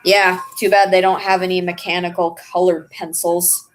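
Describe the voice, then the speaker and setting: A woman's voice: lowish voice, level tone, moderate pace, rough recording. A young woman vlogger chatting casually and rambling while she draws. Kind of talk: casual chat while drawing.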